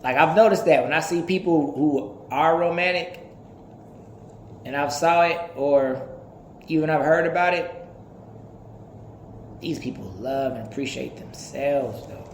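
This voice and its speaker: A man in his thirties talking in a casual, animated, profane podcast monologue, laughing often. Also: a little high, unhurried, pauses often, echoey room, a little hiss or hum. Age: 30s. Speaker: podcast host.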